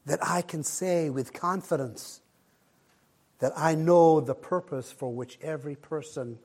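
Hoarse pastor guy, kinda high voice, slow careful preaching, trails off soft at the ends. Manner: measured preaching, dropping low and soft at phrase ends. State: hoarse this morning. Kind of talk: short morning devotional sermon.

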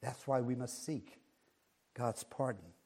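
A man preaching a sermon, measured, often dropping to a hush on key words. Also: medium pitch, slightly rough.

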